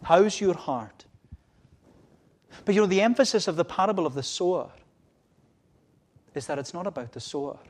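A man preaching a sermon from a church pulpit, with repeated refrains, rising to loud cries and dropping to hushed lines. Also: sits high, expressive, fast, long pauses. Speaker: minister.

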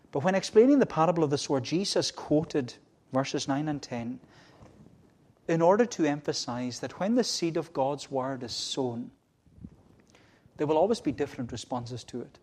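A man preaching a sermon from a church pulpit, with repeated refrains, rising to loud cries and dropping to hushed lines. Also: on the high side. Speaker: minister.

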